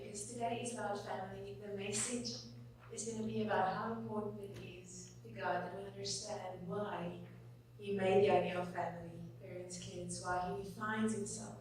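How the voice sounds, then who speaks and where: Expressive woman preaching in an echoey church hall. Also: medium pitch. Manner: earnest and expressive, with dramatic pauses. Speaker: guest preacher. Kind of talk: sermon. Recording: echoey hall from far off, faint hum.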